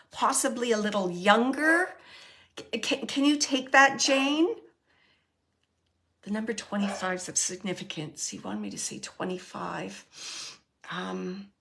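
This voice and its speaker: A woman hosting a live mediumship reading, who speaks tentatively with many fillers and restarts and often sinks to a soft murmur. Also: medium pitch, gravelly. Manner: often drops to a soft, near-whispered murmur. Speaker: psychic medium host.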